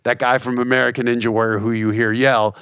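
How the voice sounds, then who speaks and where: A man's voice: medium pitch, fast talker, clear, resonant tone, no echo, studio quality. A man in his forties, a comedian and TV host, telling stories as a guest in a casual conversation. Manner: earnest, animated storyteller, frequent restarts.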